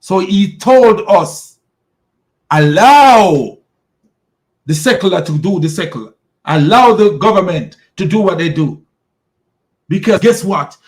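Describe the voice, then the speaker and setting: A man hosting a podcast, giving an emphatic, preachy religious commentary, slowing down to stress key words and often repeating himself as he restarts. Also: sits high, animated. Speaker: podcast host.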